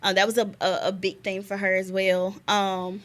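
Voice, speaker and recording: Bright-voiced woman, laughing storyteller. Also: medium pitch, normal speed. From North Carolina, US. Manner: animated, laughs often, repeats words. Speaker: guest. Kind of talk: casual conversation, personal story.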